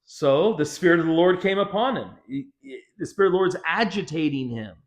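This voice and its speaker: A man's voice: high voice, expressive, brisk. A man pastor teaching a casual Bible study, conversational with joking, sarcastic asides.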